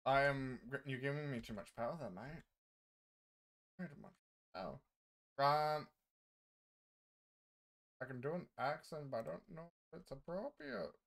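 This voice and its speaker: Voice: medium pitch, lively intonation, measured pace, vocal fry, long pauses, fairly bright tone. Teasing gamer host, playful banter. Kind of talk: casual gaming chat over voice call.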